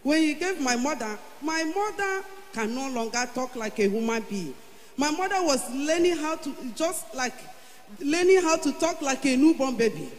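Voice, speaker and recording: A Nigerian woman giving an emotional church testimony, growing fervent and loud as she declares her prayers. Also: high voice, expressive, normal speed. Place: large church hall. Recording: echoey church hall, faint hum.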